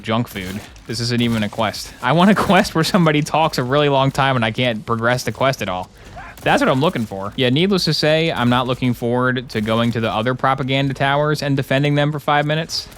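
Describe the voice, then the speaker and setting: With a medium-pitched, fairly bright voice and slight background noise, a gaming streamer gives live commentary as he plays. He's sarcastic and jokey, complaining while chatting with viewers and thanking his subscribers.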